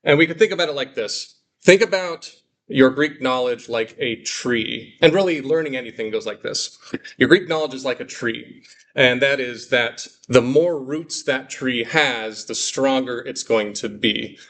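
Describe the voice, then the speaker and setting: A man teaching a Greek class, explaining patiently and slowing down to repeat words for students. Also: mid-range voice, fairly bright tone. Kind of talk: classroom lesson.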